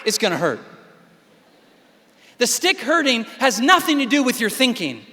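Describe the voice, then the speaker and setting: Guy giving a punchy keynote, really high voice, big echoey convention hall. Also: lively intonation, a little fast, bright, forceful tone. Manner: emphatic, acts out voices in dialogue. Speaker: keynote speaker. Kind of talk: motivational keynote speech. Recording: reverberant hall sound.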